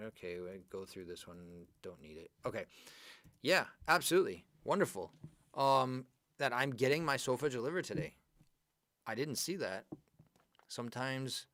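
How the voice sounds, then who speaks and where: A man teaching an English grammar class live, going over exercises and praising his students by name in a lively, chatty way. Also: mid-range voice, no echo.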